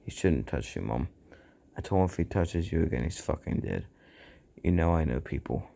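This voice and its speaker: A man's voice: very deep voice, sing-song, normal speed, gravelly, dark tone, full character voice. A man reading the lines of an angry teenage boy who is protective of his mother, clipped and threatening.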